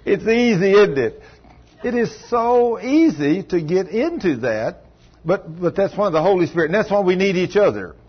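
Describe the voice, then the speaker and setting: A man's voice: high voice, sing-song, normal speed, slightly rough. A man preaching an informal sermon to his congregation, in a folksy, rambling way. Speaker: pastor. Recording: dull lo-fi sermon recording.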